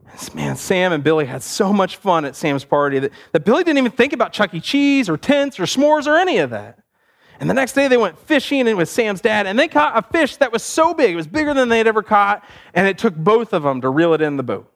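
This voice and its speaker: A male pastor telling a story in a sermon, animated and conversational with easy laughs. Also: high-pitched, fairly quick.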